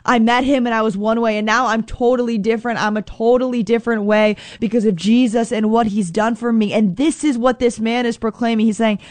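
A woman's voice: on the high side, fairly even intonation, fairly quick, few pauses, a little mellow, no room sound. Woman, earnest faith talk, repeats lines, dry close sound. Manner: earnest, repetitive, acts out quotes. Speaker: Catholic speaker.

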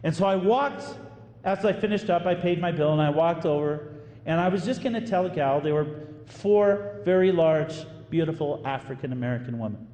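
A man's voice: on the high side, moderate pace. Man preaching in an echoey hall. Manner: animated storyteller, acts out quoted voices. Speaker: priest. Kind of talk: sermon storytelling. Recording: echoey hall with faint room ambience.

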